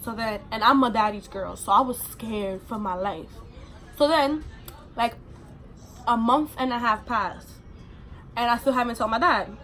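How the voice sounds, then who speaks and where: A woman's voice: a little high, measured pace, pauses often, a bit bright. A young adult woman vlogger telling a personal story in a casual, rambling way, full of fillers.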